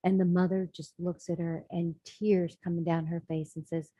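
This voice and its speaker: A woman's voice: fairly low pitch, flat delivery, normal speed, hardly any pauses, mellow, dry recording, lo-fi sound. A woman telling a spiritual story as a sermon, acting out the voices of the characters in it. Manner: dramatic storyteller voicing characters. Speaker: spiritual speaker.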